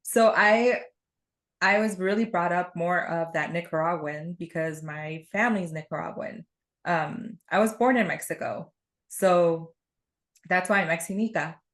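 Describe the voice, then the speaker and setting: A woman's voice: lowish voice, a little slow, fairly bright tone. A woman guest in a casual podcast conversation, talking in a chatty, rambling way and laughing often as she tells stories.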